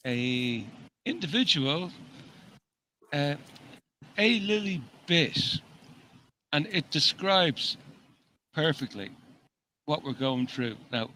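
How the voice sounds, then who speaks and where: A man's voice: medium pitch, pushed and bright, slight background noise, low-quality recording. A man co-hosting a casual talk show, rambling with frequent restarts and swearing freely as he reads long passages from an article. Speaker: podcast co-host. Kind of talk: casual chat, reading an article aloud.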